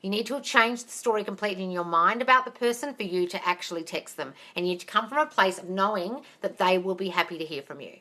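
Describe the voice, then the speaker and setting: A woman's voice: medium pitch, fast talker, few pauses, bright, forceful tone. A woman answering viewer questions on a live stream as a manifestation coach, upbeat and encouraging, calling listeners "darling" and swearing casually, recorded on a phone. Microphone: phone camera.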